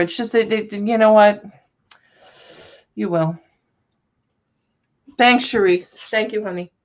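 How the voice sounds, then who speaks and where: Chatty woman hosting a live sale. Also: medium pitch. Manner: chatty, calls out viewers by name. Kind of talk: casual live-stream selling chat. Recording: dull lo-fi sound.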